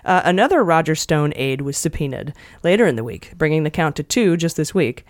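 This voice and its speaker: A woman's voice: sits low, very animated, a little fast, dry recording, clean studio sound. A woman hosting a podcast, running through the news with wry jokes in a casual chat. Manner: wry, jokey news rundown. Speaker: podcast host.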